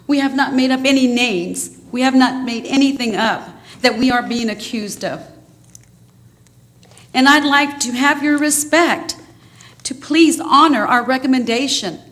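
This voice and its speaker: A woman with a slightly high voice addresses a school board. She is emotional but earnest and firm as she defends her department's work. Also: fairly bright tone. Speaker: school district risk manager. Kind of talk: public statement at a board meeting.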